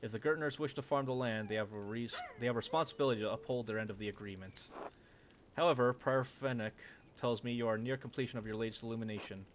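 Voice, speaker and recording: A man's voice: medium pitch, fast, slight background noise, close to an everyday voice. A man reading aloud as a stern male abbey priest who speaks in a firm, businesslike way. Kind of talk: reading game dialogue aloud.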